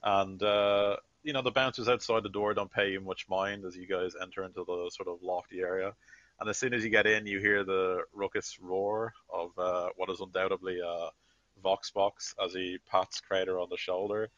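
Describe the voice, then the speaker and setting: A man's voice: low-pitched, flat delivery, moderate pace, fairly bright tone, dry recording, highs cut off. A man narrating as game master of a tabletop game, rambling with many fillers.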